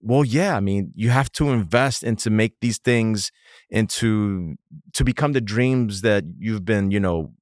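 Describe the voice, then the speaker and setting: A man's voice: on the low side, a little slow, dry recording. A man hosting a branding podcast in a studio, talking in a rambling, emphatic way with many digressions. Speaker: podcast host, branding consultant. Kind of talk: casual podcast conversation.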